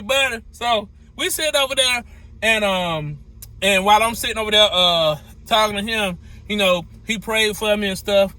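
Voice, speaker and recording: A man, a truck driver telling a story in a lively, repetitive way with folksy slang. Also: high-pitched, moderate pace, slight background noise. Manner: animated, repeats phrases, folksy slang. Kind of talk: storytelling to camera.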